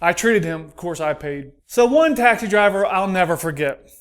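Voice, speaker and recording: A man's voice: high voice, expressive, normal speed. An American man doing a stand-up comedy routine, telling stories and acting out the dialogue. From United States. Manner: storytelling, acts out dialogue.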